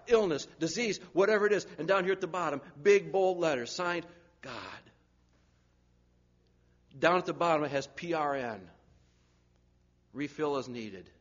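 A man preaching a sermon, swinging from loud urgent pleading down to hushed, near-whispered lines. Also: fairly high pitch, highs cut off.

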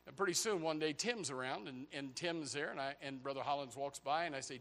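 A pastor preaching a sermon, swinging from loud, high outbursts to low, quiet stretches. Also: male voice, fairly quick, few pauses. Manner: animated preaching, voice rising to near shouts and dropping low.

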